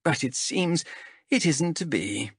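A man's voice: on the high side, expressive, slow, husky, no echo, studio quality, voice pushed up, exaggerated voice. A man voicing a sardonic female elf captain. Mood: menacing. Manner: sardonic, wheedling, menacing. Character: shrewd mocking female elf sea captain. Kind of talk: audiobook character voice.

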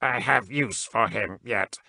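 A man voicing a cold, arrogant cyborg drone in a flat monotone. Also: fairly low pitch, takes it slowly, vocal fry, no echo, exaggerated voice.

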